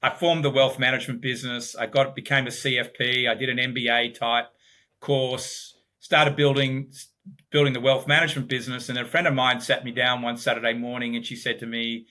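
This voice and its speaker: A man's voice: medium pitch, little pitch movement, a little fast, pushed and bright. A middle-aged man with an Australian accent, a podcast guest telling his career story reflectively, often repeating words as he starts. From Sydney, Australia. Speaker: guest, business founder. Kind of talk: podcast interview.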